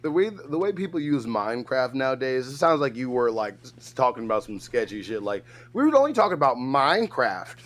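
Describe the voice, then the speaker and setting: A man's voice: medium pitch, fairly quick, hardly any pauses. A young man co-hosting a casual stream, joking and laughing between remarks. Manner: joking, laughs a lot, animated. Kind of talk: casual livestream chat.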